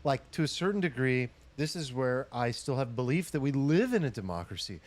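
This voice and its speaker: Male co-host, mid-pitched, short blunt points, debating. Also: very animated, brisk. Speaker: podcast co-host. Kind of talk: casual chat.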